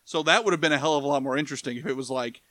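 A man talks through a film review in loose, rambling podcast chat, swearing freely. His voice sits a bit high. The recording is dry and close. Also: racing, sharp tone, no room sound. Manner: rambling, profane, does goofy impressions. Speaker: podcast co-host. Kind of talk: casual movie review chat.

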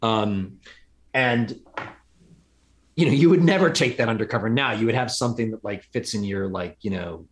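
A man's voice: lowish voice, normal speed. Middle-aged guy spinning a story in a podcast chat, keeps restarting his sentences. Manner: storytelling, many restarts and fillers. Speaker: podcast guest, author of true crime reporting. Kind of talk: conversational interview. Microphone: podcast microphone.

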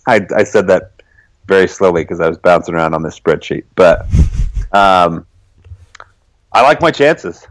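A young man co-hosting a casual podcast, relaxed, laughing often and dotting his talk with fillers. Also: low voice, unhurried, long pauses, no echo, rough recording. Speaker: podcast co-host.

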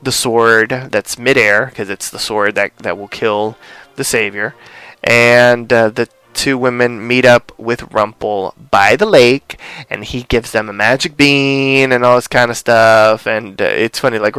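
Young male podcast co-host, smooth clear voice, dry close sound, rambling casual recap. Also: mid-range voice, fairly even intonation, a little slow, bright, forceful tone, no echo. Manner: rambling, lots of fillers, acts out quotes.

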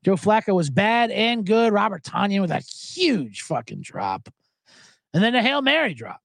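A man hosting a casual sports podcast, talking in an animated, profane way and jumping between topics with loud mocking impressions. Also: sits high, moderate pace, vocal fry, dry recording, clean studio sound. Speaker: podcast host.

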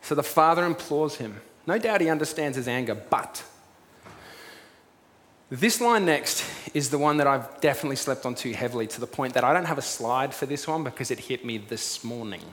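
A man's voice: mid-range voice, moderate pace. Man preaching in an echoing church. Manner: animated storytelling, acting out the figures' lines in the story. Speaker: pastor. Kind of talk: sermon. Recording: long reverb with faint room noise.

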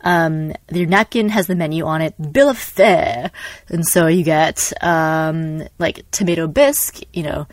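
A young woman co-hosting a casual podcast chat, an animated storyteller who acts out quotes and laughs often. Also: low-pitched, a little slow, dry recording. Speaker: podcast co-host.

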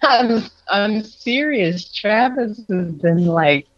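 Higher-voiced man with dull lo-fi sound. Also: expressive, slow, fairly bright tone, no room sound. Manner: earnest, opinionated commentary. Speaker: podcast co-host. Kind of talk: casual recap chat.

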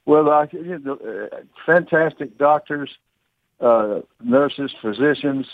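An older man, calling in to a radio show, cheerful and earnest with halting speech. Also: mid-range voice. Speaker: caller. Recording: tinny phone line.

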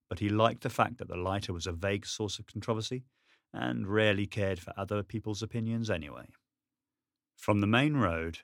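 A man narrates a novel in a low, steady, measured voice. The reading is close to the mic in a dry, dead room. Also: creaky, no echo. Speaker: audiobook narrator. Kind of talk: scripted narration.

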